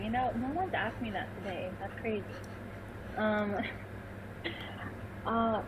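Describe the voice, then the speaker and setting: A woman's voice: mid-range voice, slow pace, long pauses, noisy background. A woman playing a tabletop game who speaks politely and earnestly, with frequent fillers. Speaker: player. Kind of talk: tabletop role-play.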